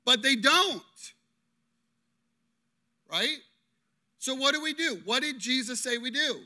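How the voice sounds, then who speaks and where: Bright-voiced pastor, animated sermon. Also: male voice, extremely high pitch, takes it slowly, pauses often. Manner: animated, constantly checking in with "okay?". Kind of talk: interactive sermon.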